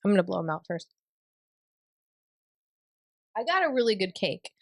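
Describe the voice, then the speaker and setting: A woman's voice: medium pitch, very animated, moderate pace, no echo, studio quality. A woman, hosting a casual chat in a bubbly, giggly way. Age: 30s. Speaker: podcast host.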